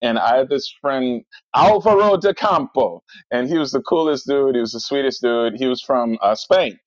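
A man's voice: mid-range voice, normal speed, dry recording. Chatty man rambling thru stories, lots of um and like, dry kinda muffled mic. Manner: rambling, animated storyteller with many fillers. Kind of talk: casual chat.

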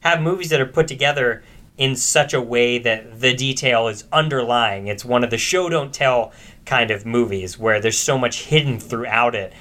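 A man co-hosting a casual podcast chat, animated and profane, explaining his views at length. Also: mid-range voice, normal speed. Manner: animated, profane, quotes movie lines with big shouts. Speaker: podcast co-host.

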